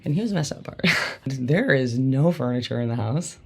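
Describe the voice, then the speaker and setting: This is a podcast host recounting personal memories in a candid, conversational way. The voice sits at a middling pitch with a gravelly edge, and the delivery wanders with frequent fillers before landing emphatic points. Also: expressive, moderate pace. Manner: casual, rambling, many "like" fillers, emphatic.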